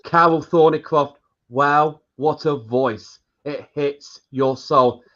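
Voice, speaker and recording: Male live-show host, unhurried delivery reading viewer comments, muffled stream sound. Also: fairly high pitch, steady tone, fairly bright tone. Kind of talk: casual live-stream chat. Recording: dull lo-fi live-stream audio.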